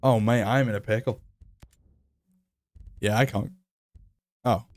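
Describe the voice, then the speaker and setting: A man's voice: lowish voice, fairly even intonation, slow, darkish tone. A man giving casual gameplay commentary, chatty and self-mocking, swearing when frustrated. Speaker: gaming video creator.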